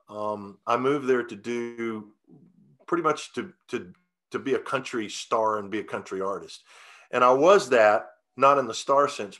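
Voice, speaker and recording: A man telling stories in a relaxed interview, folksy and rambling, with many restarts and fillers. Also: fairly low pitch. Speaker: guest singer-songwriter. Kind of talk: casual interview storytelling.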